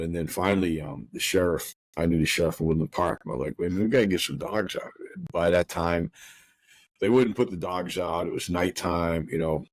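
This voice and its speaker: A middle-aged man hosting a podcast, telling a painful personal story in a rough, profane, rushed way full of restarts. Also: sits low, no echo. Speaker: podcast host.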